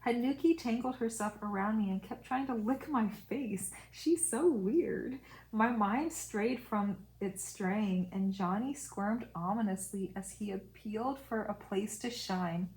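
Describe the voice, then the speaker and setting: Brief: a woman narrating a novel with quick casual commentary. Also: medium pitch, a little mellow, rough recording. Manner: reads aloud with brief casual asides. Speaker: audiobook reader.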